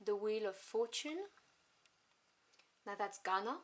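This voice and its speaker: A woman casually reviewing a tarot deck at home, chatty and enthusiastic, with soft asides as she flips through the cards. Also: medium pitch, slow pace. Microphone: camera on tripod. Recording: noisy home recording with clicks.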